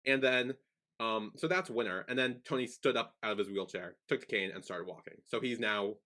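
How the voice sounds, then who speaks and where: A young man co-hosting a casual podcast, rambling and animated with lots of fillers and restarts. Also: on the low side, brisk. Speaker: podcast co-host. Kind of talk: casual chat.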